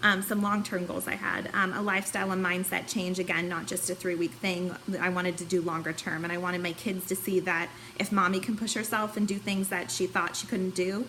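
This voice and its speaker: A woman's voice: fairly low pitch, little pitch movement, fairly quick, few pauses, pushed and bright, a little hiss or hum, rough recording. A woman in her thirties giving a candid, chatty personal testimonial about a fitness challenge, at times tearful and emotional. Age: 30s. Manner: candid, chatty, many fillers.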